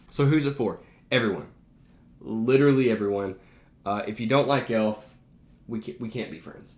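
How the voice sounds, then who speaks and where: A man's voice: mid-range voice, normal speed. A man who works as a teacher, ranking favorite movies in a casual, enthusiastic and emphatic way. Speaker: teacher and behavior analyst. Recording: roomy echo.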